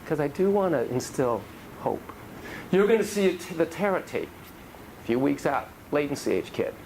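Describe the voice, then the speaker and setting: A man's voice: fairly high pitch, sing-song, moderate pace, vocal fry, darkish tone, slight background noise, rough recording. A man giving a casual, joking lecture on child psychotherapy to a class, acting out dialogue in different voices.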